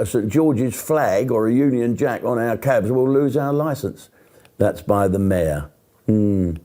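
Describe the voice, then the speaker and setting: An older man from Britain delivers a profane, mocking rant with a comedian's timing. His voice sits mellow and dark, never sharp, and he leans on sarcasm and swearing to make his points. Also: mid-range voice. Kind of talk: profane stand-up style rant.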